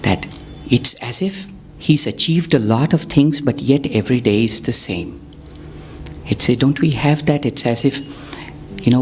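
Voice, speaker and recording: A man's voice: mid-range voice, slight background noise. Man telling a spiritual story. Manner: conversational, asks the audience questions, wry asides. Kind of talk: satsang storytelling talk.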